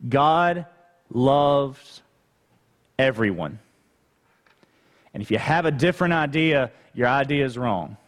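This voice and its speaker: A pastor preaching a sermon conversationally, with rhetorical questions and asides to the congregation. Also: male voice, medium pitch. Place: church sanctuary. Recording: long hall reverb.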